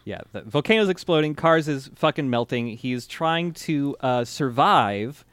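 A man's voice: mid-range voice, lively intonation, unhurried, a bit bright, smooth, no room sound. Podcast guy rambling thru an anime recap, cusses a ton, laughs a lot, super dry mic. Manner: rambling, laughing, swears freely. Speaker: podcast co-host. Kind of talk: casual chat recapping an anime.

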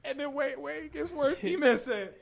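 High, lively young man telling a story. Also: moderate pace, creaky. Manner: animated, profane retelling with frequent laughs. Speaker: storyteller among friends. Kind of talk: casual storytelling chat.

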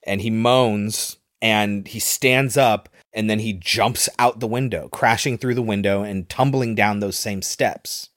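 Low-voiced man recapping a film. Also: fairly even intonation, unhurried, hardly any pauses, fairly bright tone, no room sound, studio quality. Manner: loose storytelling with fillers. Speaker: podcast host recapping a film.

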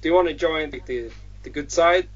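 A man's voice: a little high, a little fast, lightly acted. A man voicing a boastful, chummy male warrior demigod who talks in casual slang, on dull lo-fi audio. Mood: persuasive.

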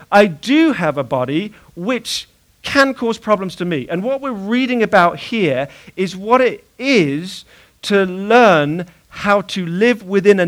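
High-voiced man preaching conversationally. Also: a bit bright. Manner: conversational preaching with fillers and audience prompts. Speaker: pastor. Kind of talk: sermon.

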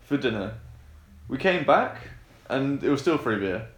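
A man's voice: medium pitch, big pitch swings, measured pace, echoey room. A young man telling a long anecdote in casual chat, rambling with fillers and restarts. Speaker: podcast co-host telling a story.

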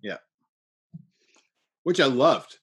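A man's voice: mid-range voice, big pitch swings, extremely slow, fairly bright tone, breathy edge. A man chatting casually about a movie, agreeing often and laughing easily. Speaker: podcast co-host. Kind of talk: casual movie review chat.

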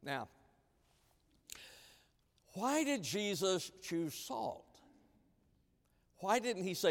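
A man preaching a sermon as pastor, emphatic and repetitive, swinging between loud declarations and hushed lines, in a church sanctuary. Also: high-pitched, sing-song, drawn-out words, long pauses. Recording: long hall reverb.

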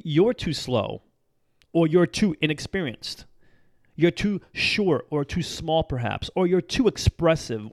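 A man from Massachusetts hosting a short daily motivational show, talking in an energetic, chatty way, often laughing and repeating phrases for emphasis. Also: a little high, no echo, studio quality. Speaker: podcast host. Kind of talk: motivational talk show monologue.

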